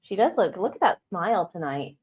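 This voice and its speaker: A woman's voice: on the low side, very animated, fairly quick, slightly rough, lo-fi sound. A woman co-hosting a casual home livestream, reading out viewer comments and greeting people by name. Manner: reads out chat messages, greets viewers warmly. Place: home podcast studio. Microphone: not wearing her microphone.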